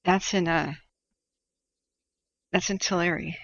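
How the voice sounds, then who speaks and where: A woman's voice: fairly low pitch, fairly even intonation, slow, muffled recording. A woman from the Pacific Northwest hosting a casual livestream, chatting, laughing often and reading viewer messages aloud. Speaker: livestream host tracking wildfires.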